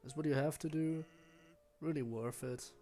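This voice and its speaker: A man voicing a laid-back, joking male skeleton sentry from a video game, reading the lines in a chill, unhurried drawl. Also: on the high side, warm tone, soft background music, natural voice. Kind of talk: reading game dialogue aloud.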